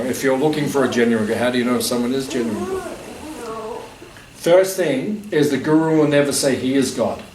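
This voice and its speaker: A man's voice: medium pitch, darkish tone, distant mic. Casual man teaching in an echoey hall. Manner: conversational, joking, many "you know" and "like". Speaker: spiritual teacher. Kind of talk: informal spiritual talk to a live audience. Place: gathering room at a festival. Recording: echoey room, voice from afar, faint noise.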